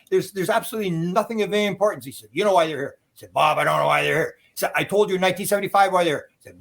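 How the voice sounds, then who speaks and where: A man in his sixties from Canada, telling stories in an interview with excitable energy, acting out quoted exclamations, often restarting and laughing. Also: sits high, racing, creaky, hardly any pauses. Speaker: UFO researcher telling stories. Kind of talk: animated storytelling interview.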